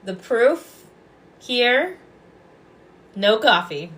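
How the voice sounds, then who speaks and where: A woman's voice: on the high side, big pitch swings, extremely slow, a bit bright. A woman hosting a casual livestream as a Reiki and hypnosis practitioner, chatty, affectionate and rambling.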